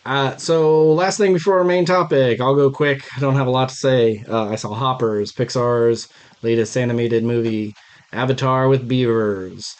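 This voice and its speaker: A man's voice: mid-range voice, fairly even intonation, normal speed, clear, resonant tone. A young man co-hosting a podcast, giving blunt, wry opinions and movie recaps in casual chat. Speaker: podcast co-host.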